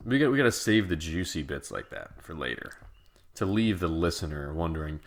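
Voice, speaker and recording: A man with a very deep voice co-hosts a relaxed podcast chat. He rambles, restarts his thoughts and swears freely as he jokes around. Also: a little fast. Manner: rambling, profane, joking. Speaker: podcast co-host. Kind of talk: casual chat.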